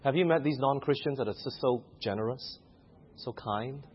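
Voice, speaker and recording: A man's voice: medium pitch, normal speed, a little hiss or hum. A man preaching a sermon who keeps putting questions to the congregation. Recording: muffled lo-fi recording.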